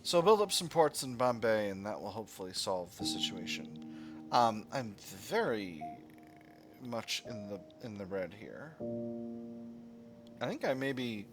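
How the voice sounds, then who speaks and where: A man's voice: on the low side, sing-song, measured pace, over music. A man hosting a gaming channel, musing and rambling with fillers as he comments on a strategy game.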